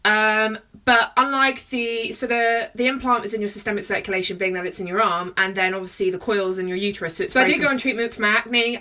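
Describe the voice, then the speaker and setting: Young woman, bright tense voice, nervous and chatty, phone mic set a little away. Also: medium pitch, distant mic. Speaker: vlogger. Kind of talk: personal vlog.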